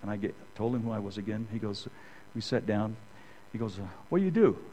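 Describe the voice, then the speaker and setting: A man's voice: fairly low pitch, flat delivery, fairly quick, dark tone, a little hiss or hum, rough recording. Rambling middle-aged man preaching casually. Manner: rambling, keeps asking "okay?". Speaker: Bible teacher. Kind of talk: conversational sermon with personal stories.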